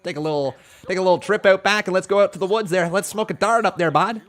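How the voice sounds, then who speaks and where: A man putting on a rowdy Canadian backwoods guy with a heavy Canadian accent and a rough, slangy drawl. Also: high-pitched, fast, a bit bright. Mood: goading.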